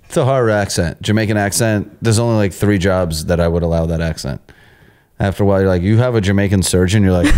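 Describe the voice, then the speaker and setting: Man in his 40s, very deep voice, sarcastic joking co-host. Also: quick pace, darkish tone, clean tone. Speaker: podcast co-host. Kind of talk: casual chat.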